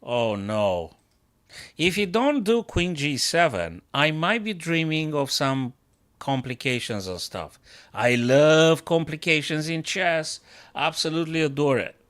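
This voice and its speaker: A man's voice: on the high side, very animated, a little slow, fairly bright tone. A chess coach streaming live, a man thinking aloud over his moves, self-mocking and bursting into exclamations.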